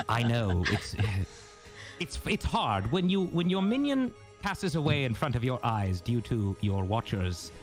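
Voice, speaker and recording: A man's voice: mid-range voice, big pitch swings, unhurried, faint music behind. A man voicing a flamboyant, grandiose male Illithid lord who hosts a tabletop game show, with a theatrical, pompous delivery. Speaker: show host in character.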